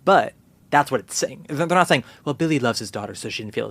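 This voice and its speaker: A young man hosting a podcast in casual chat, animated and profane, acting out quotes in little voices. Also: medium pitch, fast. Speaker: podcast host.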